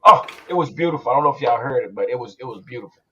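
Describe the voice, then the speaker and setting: A man hosting a casual sports podcast, talking in an animated, rambling way. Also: medium pitch, very fast, dull audio, a little hiss or hum. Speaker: podcast host.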